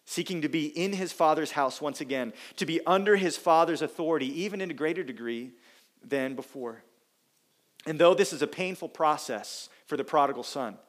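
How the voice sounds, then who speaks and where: Earnest man preaching a sermon. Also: fairly high pitch. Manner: earnest, emphatic preaching with dramatic pauses.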